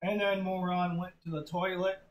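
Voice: mid-range voice, flat delivery, normal speed, poor audio. A storyteller giving an unpolished, crude, offhand telling of a joke story in a casual spoken way.

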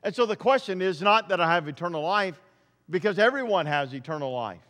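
High-voiced pastor preaching with emphasis. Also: male voice, animated, brisk, fairly bright tone, big-room sound. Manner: emphatic preaching, repeats phrases, swells and drops in volume. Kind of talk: sermon.

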